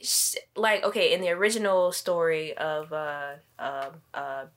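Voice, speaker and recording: A woman co-hosting a podcast, speaking slowly and bluntly with plenty of profanity. She pauses often and hunts for her words. Her delivery stays laid-back and conversational. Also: deep voice. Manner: unhurried, blunt, profane, hesitant with fillers. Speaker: podcast co-host. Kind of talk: casual chat.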